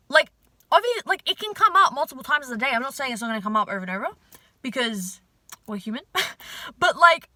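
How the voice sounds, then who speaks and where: A young woman with a high, bright voice talks straight to her viewers in a loose, filler-packed vlog chat, swearing casually and hyping them up. The sound is close and dry, with no room around her. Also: no echo. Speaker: manifestation vlogger.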